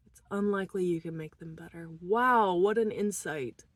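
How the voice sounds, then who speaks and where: With a fairly low voice and no echo around her, an upset woman vlogger stumbles emotionally through a personal monologue. She moves back and forth between quiet murmurs and nervous, shaky laughter.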